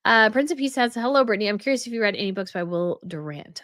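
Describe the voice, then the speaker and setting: Woman, live stream host, casual chat, reads viewer comments, repeats herself, mid-pitched, dry close sound. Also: animated, fast talker, fairly bright tone, dry recording. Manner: chatty, restarts and repeats phrases.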